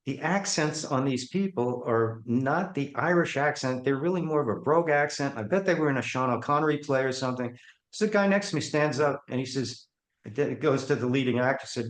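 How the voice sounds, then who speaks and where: A man of medium pitch and quick pace tells interview stories about his career on a podcast. He's animated, acting out what the people in his anecdotes said, and the recording has an echoey quality.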